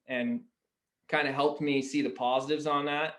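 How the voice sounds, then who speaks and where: A man's voice: medium pitch, little pitch movement, normal speed. A young man from Canada, a pro lacrosse player, chatting candidly as a podcast guest, with "like" all through his stories. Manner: candid storyteller, peppered with "like". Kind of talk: casual podcast chat.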